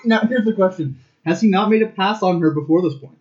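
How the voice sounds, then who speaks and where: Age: 20s. Sex: man. Role: podcast co-host. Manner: dry, wry asides. Pitch: fairly high. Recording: lo-fi. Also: brisk, a little mellow. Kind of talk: casual chat reviewing a TV episode.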